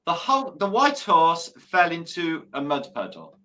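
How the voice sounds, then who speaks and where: A man hosts a casual live stream, his voice jumping about in pitch with a bright, forward tone. He swears freely and reels off dad jokes between greetings to viewers. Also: wildly swooping pitch, measured pace. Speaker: livestream host.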